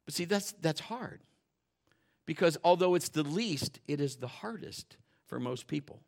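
A male pastor preaching a sermon in a folksy, joking way, dropping to quiet asides and building to loud, fervent stretches. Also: on the high side, lively intonation, a little slow, gravelly. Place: church.

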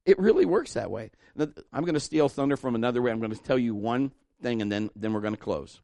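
A man's voice: mid-range voice, animated, fast, creaky, a little mellow, no room sound. A man preaching a fervent sermon and leading an altar call prayer, exhorting his congregation and rising to emphatic peaks. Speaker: pastor.

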